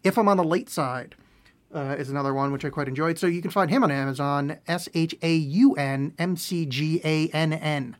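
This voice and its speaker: Male podcast host with a somewhat high voice, rambling solo monologue with self-deprecating, deadpan sarcasm. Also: moderate pace. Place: home room with bookshelf.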